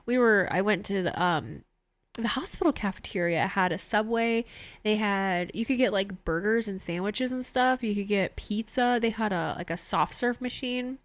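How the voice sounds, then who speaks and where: This young streamer has a medium-pitched voice and talks at a normal speed, with no room sound in the recording. She chats casually with her viewers during a wrestling show, frequently laughing while reading their messages out loud.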